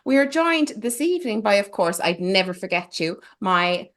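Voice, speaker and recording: A woman's voice: mid-range voice, sing-song, moderate pace, fairly bright tone. A woman hosting a casual film podcast, playful and teasing, with theatrical asides. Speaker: podcast host.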